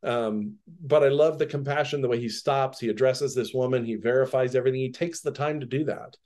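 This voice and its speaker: A male podcast Bible teacher with a voice pitched at an everyday middle. He moves between reading the text aloud and loose, conversational commentary. Easy chuckles keep slipping in as he talks. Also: a little fast, darkish tone. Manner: conversational, laughs often, reads a passage then comments.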